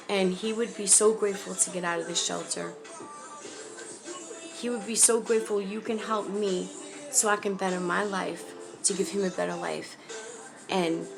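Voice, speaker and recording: A woman, speaking to camera from a shelter, pleading urgently and from the heart for help. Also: mid-range voice. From New York. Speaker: mother appealing for help. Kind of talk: emotional personal appeal to camera. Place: homeless shelter. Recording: music clearly behind.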